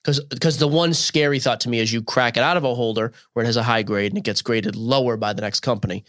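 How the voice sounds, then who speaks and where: A man co-hosting a casual podcast, answering questions with quick, opinionated takes. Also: medium pitch, a bit bright, dry recording, studio quality. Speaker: podcast co-host. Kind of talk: casual chat.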